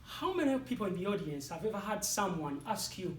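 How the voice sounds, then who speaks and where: A man with an African accent giving a motivational speech to an audience in a competition, with dramatic, deliberate delivery and punchy pauses. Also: high voice, big pitch swings, a little hiss or hum. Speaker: motivational speaker. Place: speaking hall with live audience. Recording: echoey hall, voice from far off.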